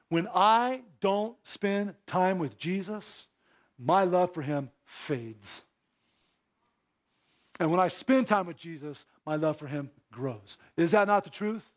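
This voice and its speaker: Man, pastor, sermon, high-pitched voice, hushed asides then emphatic rises, rhetorical questions. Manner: swings between hushed low asides and raised emphatic exhortation; addresses the congregation directly with rhetorical questions.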